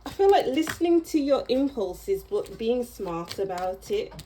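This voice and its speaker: Woman, tarot reader, casual reading to camera, unhurried, warm mellow tone, chatty, meandering. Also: on the high side, very animated, a little hiss or hum, poor audio. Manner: chatty and meandering, breaks into small laughs.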